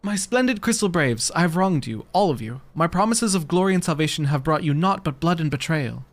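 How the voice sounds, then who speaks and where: A man's voice: fairly high pitch, expressive, a little fast. A man reading aloud the lines of an earnest young male noble commander in a fantasy game, with formal old-fashioned phrasing.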